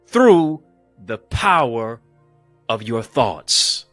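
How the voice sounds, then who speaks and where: A man's voice: expressive, normal speed, pauses often, dry recording, soft background music. Emphatic preaching male motivational speaker. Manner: emphatic, repetitive and rhythmic, swinging between booming and hushed; addresses live viewers as family.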